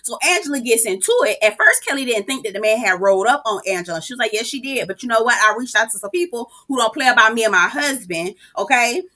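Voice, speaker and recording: A woman hosting a casual recap, talking sassy and profane as she acts out everyone's reactions. Her voice sits a little high and sounds bright and sharp, with sudden leaps up in pitch when she gets excited. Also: fast, few pauses. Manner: speaks with swooping pitch jumps and exclamations. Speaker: reality TV recap host.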